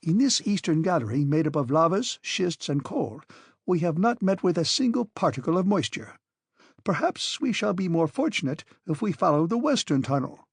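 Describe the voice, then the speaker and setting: A man voicing a stern, obstinate old professor explorer in an audiobook, speaking forcefully and commandingly. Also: on the high side, very animated, normal speed, slightly rough, no room sound, clean studio sound, exaggerated voice. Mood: persuasive. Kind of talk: audiobook character reading.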